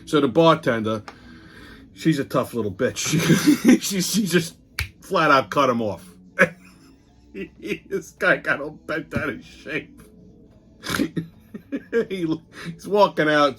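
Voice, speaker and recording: A man's voice: on the high side, a bit bright. A man, hosting a casual monologue, telling blunt, profane stories full of quoted arguments. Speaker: host.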